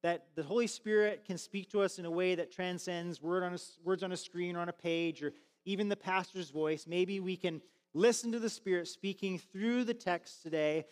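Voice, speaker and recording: A male pastor delivers a conversational sermon, dotted with fillers and restarts. His voice sits high for a man. The sound carries a long reverb from a large church hall. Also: normal speed, clear, resonant tone. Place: church sanctuary.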